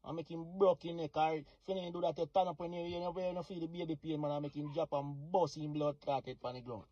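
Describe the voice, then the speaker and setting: Jamaican guy cussing fast in patois, mellow tone, muffled recording. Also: a little high, steady tone, dry recording. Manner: vulgar, furious, in patois. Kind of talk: angry rant. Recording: dull lo-fi recording.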